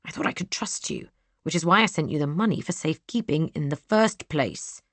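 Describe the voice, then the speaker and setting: A woman voicing a cool, scheming young man who sneers and sometimes drops to a hush. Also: sits low, a little fast, no room sound. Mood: impatient. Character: cold scheming young man, villainous brother.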